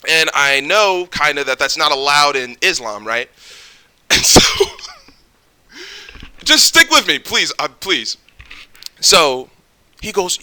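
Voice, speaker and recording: A man's voice: a little high, very animated, takes it slowly, long pauses, bright, forceful tone. A man vlogging, telling a story casually and rambling with a lot of swearing. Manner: profane, rambling, with lots of fillers. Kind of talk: casual storytelling reaction video.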